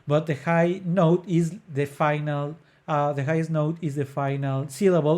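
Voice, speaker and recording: A man's voice: a little high, fairly even intonation, normal speed, few pauses, darkish tone. A man hosting an opera podcast, explaining an aria earnestly with frequent hesitant fillers. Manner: breaks into sung phrases to demonstrate notes. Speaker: podcast host.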